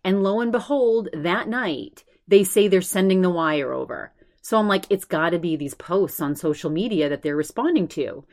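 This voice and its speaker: A woman's voice: fairly low pitch, animated, moderate pace, few pauses, a little mellow. A woman hosting a podcast, giving a rambling personal update with restarts and laughs, anxious and shaken. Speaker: podcast host.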